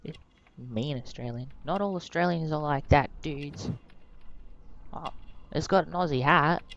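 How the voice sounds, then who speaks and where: Woman, let's play commentator; deep, unhurried, playful musing. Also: dull audio, a little hiss or hum. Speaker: gamer.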